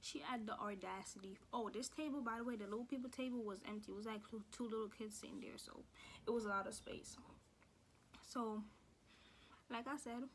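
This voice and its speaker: A woman's voice: a little high, fairly even intonation, brisk, slight background noise. A young woman telling a story from her school days in a sassy, profane, slang-heavy way. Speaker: vlogger. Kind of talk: casual storytime.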